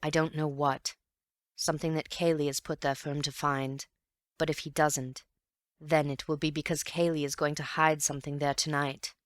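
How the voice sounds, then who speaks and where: A woman doing a grave gentleman sleuth. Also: low voice, level tone, no echo, lightly acted. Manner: grave, measured, earnest. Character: calm, thoughtful gentleman detective.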